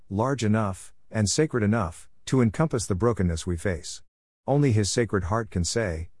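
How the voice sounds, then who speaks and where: A man reading a devotional essay aloud in a measured, earnest manner. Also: lowish voice, a little mellow, no echo, clean studio sound. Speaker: reader.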